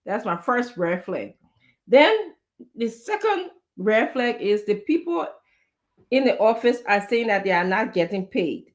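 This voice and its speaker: A woman, a guest giving measured political commentary on a talk show. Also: mid-range voice, very animated. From Liberia.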